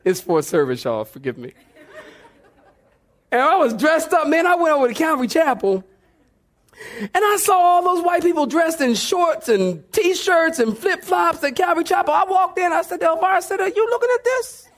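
Man, pastor, very high-pitched voice, sermon, jokey storytelling, banter with the congregation, church. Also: big pitch swings, normal speed, fairly bright tone. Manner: humorous, storytelling, talks back and forth with the congregation. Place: church sanctuary before a congregation.

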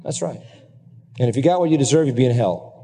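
A middle-aged man preaching a sermon, earnest and emphatic, at times climbing into high, excited exclamations. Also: quick pace, a little hiss or hum. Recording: long hall reverb.

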